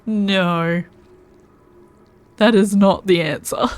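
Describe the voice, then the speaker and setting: A woman's voice: fairly low pitch, animated, takes it slowly, pauses often. A woman streaming a video game, thinking aloud and musing to herself as she plays. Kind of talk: casual gameplay commentary.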